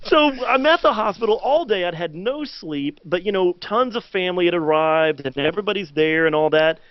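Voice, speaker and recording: A man co-hosting a podcast, telling a long story in casual chat, animated with many fillers and loud acted-out quotes. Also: high-pitched, a little fast, no echo, dull audio. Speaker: podcast co-host.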